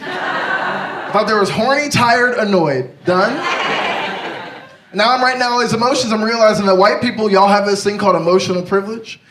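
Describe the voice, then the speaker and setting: A young man performing a stand-up set, brash and confessional, talking in an animated way. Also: high voice, moderate pace, pauses often. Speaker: stand-up comedian. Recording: roomy echo, mic far off, noisy.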